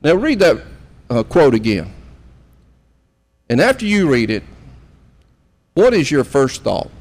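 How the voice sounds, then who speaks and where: A man's voice: mid-range voice, big pitch swings, takes it slowly, darkish tone, big-room sound. A man in his fifties preaching a conversational sermon and putting questions to the room. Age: 50s. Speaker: pastor.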